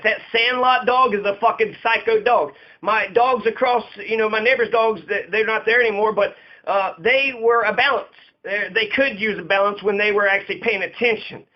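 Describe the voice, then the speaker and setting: A man with a noticeably high voice holds forth in an unscripted rant, swearing freely and repeating lines for emphasis. The recording sounds dull and lo-fi. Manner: profane, emphatic and repetitive. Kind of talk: casual ranting monologue.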